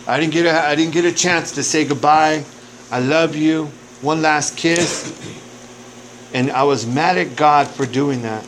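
A man's voice: fairly high pitch, unhurried, fairly bright tone. Candid, profane man in a noisy recording. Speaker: recovery speaker. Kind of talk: personal recovery testimony. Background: noise.

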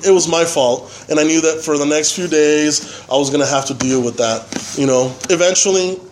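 A man giving a personal testimony at a recovery meeting, halting and full of fillers and tag questions. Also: a little high, a little hiss or hum, low-quality recording. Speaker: member sharing at a recovery meeting.

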